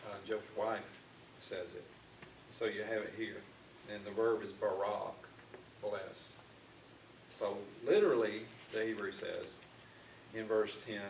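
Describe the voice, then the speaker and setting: Deep-voiced man teaching a Bible class. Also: steady tone, slow pace, long pauses. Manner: conversational, with frequent fillers and restarts. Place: church classroom. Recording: echoey room, distant mic, faint noise.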